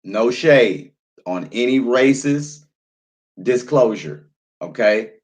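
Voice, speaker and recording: A man in his late thirties who talks in a loose, rambling way, repeating words and leaning on fillers as he hosts a casual live stream. His voice sits at an ordinary middle pitch for a man, neither high nor low, and he chats easily between sips of wine. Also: animated, takes it slowly. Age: 30s. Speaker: live-stream host reading viewer chat. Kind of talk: casual chat while drinking wine.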